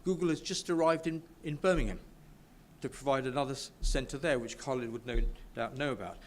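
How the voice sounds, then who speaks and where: A man from the UK talks to a business crowd with eager enthusiasm, often tripping over his words and starting sentences again. His voice sits at an ordinary middle pitch. A faint background noise runs beneath him. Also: a little fast. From United Kingdom. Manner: enthusiastic, stumbles and restarts often. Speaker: speaker at a business networking event. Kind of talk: informal speech to an audience. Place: event room with a live audience.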